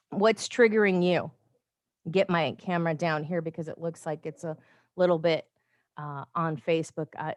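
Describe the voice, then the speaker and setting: A woman hosting a casual livestream from her phone, chatty and rambling, with animated asides and frequent laughs. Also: lowish voice, no echo, studio quality. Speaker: life coach livestream host. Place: home, with noise outside.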